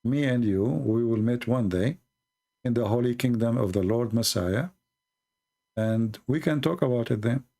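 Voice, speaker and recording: Man, gravelly, earnest preacher-style explainer, deliberate pacing. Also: medium pitch, warm tone. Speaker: Christian apologist answering a caller.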